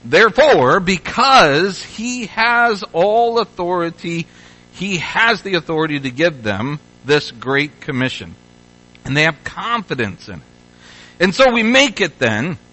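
A pastor from Louisville, Kentucky preaches in a high, bright voice, captured on a low-quality recording. He keeps the sermon easy and conversational, repeating himself as he restarts phrases and now and then rising into energetic exhortations.

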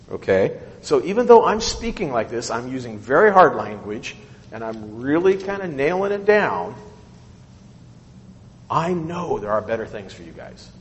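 A man leads a Bible study, talking through scripture and checking in with his listeners after each point. His pitch swings widely as he goes. The voice carries the long reverb of a large hall. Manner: animated, keeps asking okay and right.

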